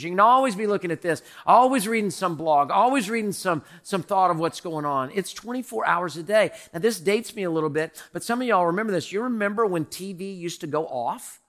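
A middle-aged male pastor preaching a sermon in an animated, repetitive way, calling on the congregation to answer. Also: high-pitched.

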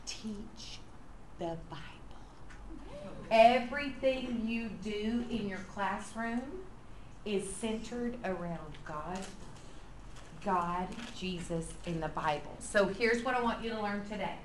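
A woman leading a lively, playful workshop for church preschool teachers. She acts out quotes and drops to a whisper to draw the room in. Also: medium pitch, slow. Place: large hall with an audience. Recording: echoey room with faint noise.

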